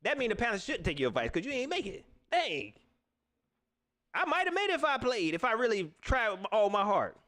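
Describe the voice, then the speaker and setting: A man hosting a casual sports livestream, talking straight to his viewers in a somewhat high voice. His pitch leaps up and down constantly as he rants playfully and breaks into laughter. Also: brisk. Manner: animated ranting, laughs often, talks to viewers. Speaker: sports talk show host.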